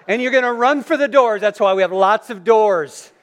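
In a church sanctuary, a pastor gives a Sunday sermon at normal speed, his voice sitting high for a man. He shifts from reading scripture into vivid, animated storytelling, acting out the scene for the congregation.

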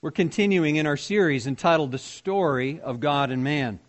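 Pastor guy preaching, kinda high voice, chatty, keeps asking the crowd stuff. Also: normal speed. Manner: conversational, questions the congregation. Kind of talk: sermon.

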